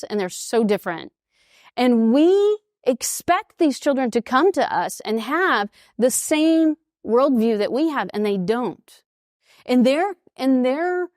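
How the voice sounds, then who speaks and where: A woman's voice: on the high side, no echo, studio quality. A woman in her fifties with an East Texas accent, giving a presentation and telling stories that she acts out in different voices. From United States. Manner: lively storyteller who acts out quoted voices. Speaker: speaker at an international school. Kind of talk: presentation talk to an audience.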